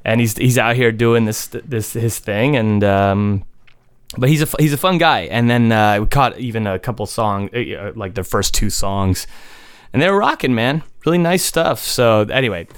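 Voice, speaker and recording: A man's voice: fairly low pitch, animated, moderate pace, clear, resonant tone, no room sound, clean studio sound. A man on a podcast telling a casual, rambling story about a gig, often restarting his sentences and chuckling. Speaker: podcast co-host and gigging musician.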